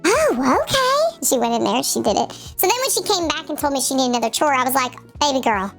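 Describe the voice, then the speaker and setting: A woman's voice: high-pitched, fast, vocal fry, soft background music. Chatty woman streamer, full of "like". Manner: chatty, frequent "like" fillers, animated retelling. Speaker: live streamer. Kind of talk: casual live-stream chat while gaming.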